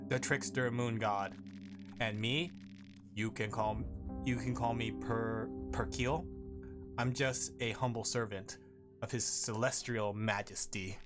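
A man voicing a cryptic male servant of a moon god in a deliberately monotone voice, reading game dialogue aloud. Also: medium pitch, over loud music, lightly acted. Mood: solemn. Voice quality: monotone, flat delivery.

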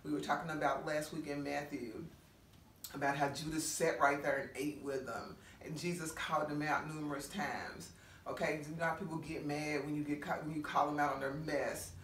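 A woman pastor giving a conversational sermon, full of rhetorical questions and quick asides. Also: low-pitched, fairly even intonation, fairly bright tone. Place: church meeting room. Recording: roomy echo from a distant mic, faint noise.

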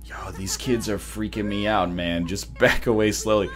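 A man giving quick, joking commentary while playing a video game as host. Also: fairly low pitch. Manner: quick, joking, animated riffs. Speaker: let's play host. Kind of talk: comedic gameplay commentary.

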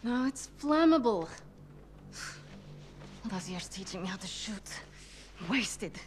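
An actress playing a stubborn young woman soldier in a video game cutscene, with a lively voice. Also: mid-range voice, takes it slowly, noisy background. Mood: frustrated.

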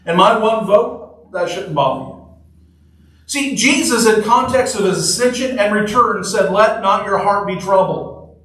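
A man's voice: sits high, measured pace, a bit bright. A man preaching a sermon in a conversational, joking way, repeating short phrases for emphasis. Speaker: pastor. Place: church sanctuary. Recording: echoey church hall from far off.

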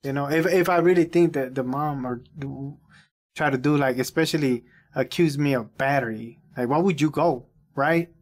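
A man's voice: medium pitch, moderate pace. Man, reaction host, casual rambling commentary, talks to the viewer.

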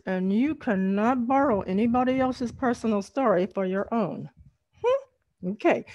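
A woman presenting an online storytelling workshop for young tellers, speaking in an animated, teacherly way over a video call. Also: medium pitch, no room sound. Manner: animated, teacherly, drawn-out emphasis.

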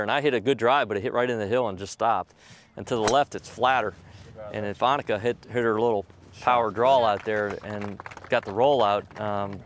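A middle-aged man, a professional golfer, telling candid stories in an interview, acting out other people's lines with jumps in pitch. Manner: animated, acts out quoted voices with jumps in pitch.

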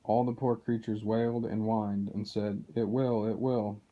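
A man's voice: on the low side, level tone, a little slow. A man reading aloud as a loyal male dwarf telling what he overheard, in a plain, earnest way. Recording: dull lo-fi recording.

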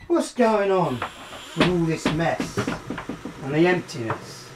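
A middle-aged man playing a worried son who is blunt and quickly exasperated. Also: on the high side, animated, background noise. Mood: exasperated, angry. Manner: blunt and exasperated, with a rising temper. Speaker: actor in a student short film. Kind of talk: low-budget film acting.

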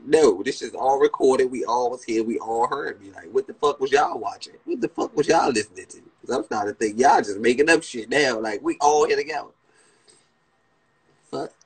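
Young man, DC-area accent, husky livestream host, brash roaster. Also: mid-range voice, poor audio. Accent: Washington DC area. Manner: brash, profane, mocking. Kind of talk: casual livestream chat, roasting a guest.

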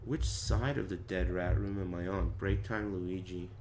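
A man's voice: low voice, steady tone, unhurried, a little mellow, a little hiss or hum. A man playing a horror game, muttering directions to himself and swearing when something startles him. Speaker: gaming streamer. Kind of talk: let's play commentary.

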